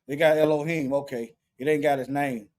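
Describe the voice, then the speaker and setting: A man's voice: fairly high pitch, fairly even intonation, brisk, a little mellow. A man giving an informal Bible study, thinking aloud in colloquial speech and often repeating himself as he looks up words. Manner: colloquial, repeats and restarts phrases while reading from a lexicon.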